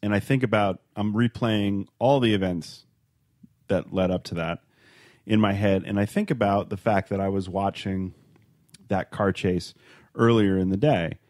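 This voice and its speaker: A man co-hosting a podcast, telling a story in casual chat, rambling with halting restarts. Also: on the low side, steady tone, darkish tone, no room sound, studio quality. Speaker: podcast co-host.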